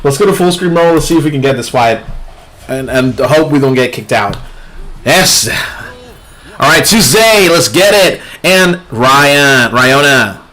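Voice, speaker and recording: A young man hosting a live gaming stream, talking in an unhurried way but swinging widely in pitch between low mutters and high yelps. He laughs often and trails off mid-sentence before starting over, chatting loosely with the lobby. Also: lively intonation, sharp tone. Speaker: gaming livestream host. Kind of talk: casual live gameplay commentary.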